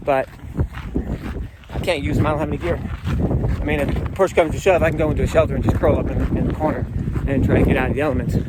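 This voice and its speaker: A man hiking outdoors on a mountain trail, talking into a camera he carries, earnest and upbeat, a bit out of breath from climbing. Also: medium pitch. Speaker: hiker vlogging on the trail. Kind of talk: casual vlog while hiking. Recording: loud outdoor noise behind the voice.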